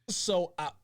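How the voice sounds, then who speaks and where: A man's voice: no room sound, studio quality. A man co-hosting a casual podcast, telling stories with lots of swearing and imitating his friends' voices. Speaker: podcast co-host. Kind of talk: casual chat, storytelling.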